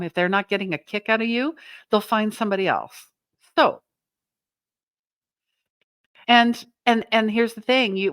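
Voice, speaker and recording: A woman's voice: medium pitch, a bit bright, no echo. A woman host giving a motivational talk to her viewers, earnest and emphatic, often asking "right?". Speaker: self-help channel host.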